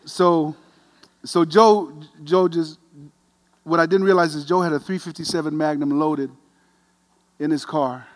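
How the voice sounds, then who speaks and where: Middle-aged guy telling a story in a sermon, kinda high voice, self-deprecating, gets quiet and earnest. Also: steady tone, measured pace, pauses often. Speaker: pastor.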